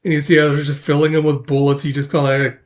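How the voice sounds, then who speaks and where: A man with a somewhat high voice talks casually through a comic chapter. He mixes the plot recap with sardonic, profane asides of his own. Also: little pitch movement, fast. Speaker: comic reader and commentator.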